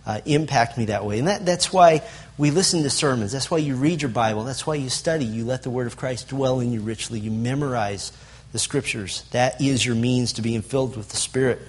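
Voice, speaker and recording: A man's voice: medium pitch, brisk, slightly rough. A man teaching a Bible lesson to a group, stressing lists and asking the room questions. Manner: asks the audience questions, emphatic lists.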